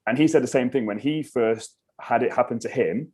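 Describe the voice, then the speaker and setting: A man, a podcast guest telling a story in casual chat, animated and swearing freely. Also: mid-range voice, brisk, breathy edge. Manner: animated, swears freely, acts out his own reactions.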